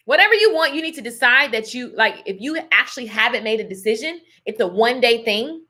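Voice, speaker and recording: High bright-voiced woman, preachy motivational talk, calls everyone darling. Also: animated, fast, hardly any pauses. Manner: emphatic and preachy, with church talk and pet names like darling and baby. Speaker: motivational speaker on a live stream.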